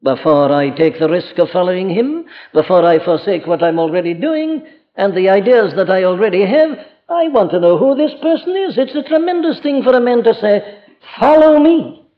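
Male preacher, earnest and emphatic, fairly high voice, long hall echo, dull archive sound. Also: lively intonation, moderate pace. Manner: earnest, emphatic, rhetorical questions, acts out quoted voices. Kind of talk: sermon.

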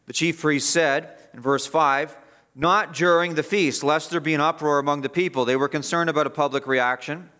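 A man's voice: fairly high pitch, steady tone, normal speed, pushed and bright. A man preaching an expository sermon as pastor, emphatic and repeating phrases for stress.

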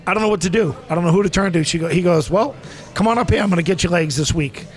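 A man's voice: sits high, rapid-fire, soft background music. A man in his forties from Massachusetts, an interview guest telling rambling stories and acting out the people in them. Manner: rambling, animated, acts out voices in anecdotes. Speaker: interview guest, former pro wrestler. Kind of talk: casual storytelling.

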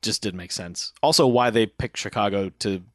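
A man's voice: lowish voice, normal speed, fairly bright tone, no echo, studio quality. A man co-hosting a casual movie review podcast, wry and offhand, swearing casually. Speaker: podcast co-host.

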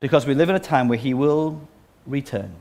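An earnest man gives a sermon and then leads a prayer, with a voice of middling pitch. He often pauses and restarts his phrases as he speaks. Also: creaky, a little mellow. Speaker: preacher.

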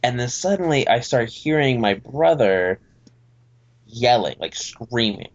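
In a relaxed podcast conversation, a male guest rambles through a lengthy story from his childhood, lively and imitating the voices of its characters. His voice is mid-range and a little slow, with the highs cut off in the audio.

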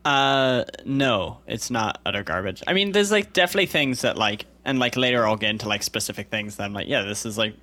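A man's voice: mid-range voice, expressive, brisk, hardly any pauses, pushed and bright. Rambling man in casual chat. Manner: rambling, filler-heavy, laughs easily.

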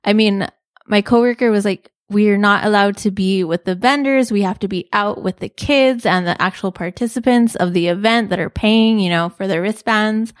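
A young woman tells a story in a loose, chatty way. She laughs often and fills her talk with "like". Her voice sits at a middle pitch, recorded dry and close with no room sound. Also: normal speed, no room sound. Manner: chatty, animated, lots of "like" and laughs. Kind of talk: casual storytelling.

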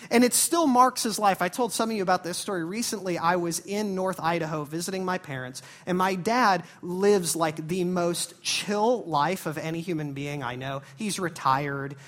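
A man preaching a sermon at a church service, telling stories in a casual, conversational way and moving between quiet asides and sudden loud bursts. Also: a little high. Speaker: pastor. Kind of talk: sermon with personal storytelling.

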